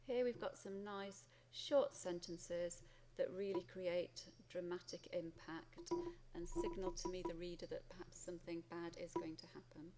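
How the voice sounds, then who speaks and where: A woman's voice: lowish voice, little pitch movement, moderate pace, vocal fry, very noisy. A woman with a Welsh English accent, an English teacher who reads a student's essay aloud and then comments on it as she marks it.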